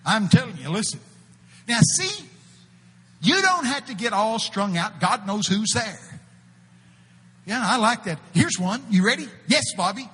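A husky, forceful man with a drawl preaches in an animated, folksy way. His fairly high voice bursts into loud proclaiming and then sinks to a hushed murmur. The sound carries the long echo of a church hall. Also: measured pace, pauses often. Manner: animated, folksy, shouts out quoted prophecies, swings between loud and hushed. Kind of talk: sermon with storytelling.

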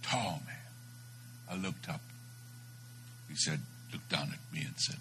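A man preaching a sermon, telling a story with dramatic swings between loud bursts and hushed moments. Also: rumbling low, measured pace, pauses often, a little hiss or hum, rough recording.

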